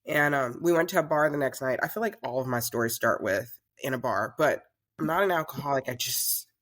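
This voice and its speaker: Woman, talk show host type, guest spinning a lively story in a casual chat. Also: extremely low pitch, brisk. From Southern United States. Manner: chatty, animated storyteller.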